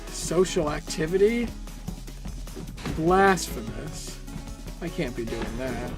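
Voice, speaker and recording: A young streamer talks to chat mid-game in a mid-pitched voice, with a dry, sarcastic, self-mocking ramble. Faint game music plays underneath. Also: lively intonation, normal speed. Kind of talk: casual live-stream chat while playing.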